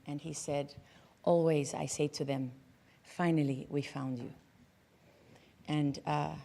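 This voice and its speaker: A woman giving an earnest, reflective tribute speech at an award ceremony, often pausing on ums and uhs. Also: low-pitched, creaky, mellow. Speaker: ceremony speaker honoring an award recipient.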